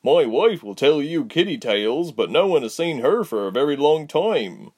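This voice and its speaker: A loud rustic innkeeper, as a male narrator puts him on, brushing things off with a joke. The voice sits near the narrator's own, just a little higher and louder. It comes from a storybook reading. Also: sing-song, normal speed. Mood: dismissive. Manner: loud, dismissive joking. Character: loud rustic innkeeper, middle-aged man.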